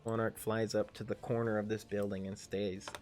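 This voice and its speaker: A man in his thirties narrates a tabletop game with excitable energy. He swears constantly and shouts his character's battle cries. Faint music plays behind him. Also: fairly low pitch, moderate pace. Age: 30s. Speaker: game master and player.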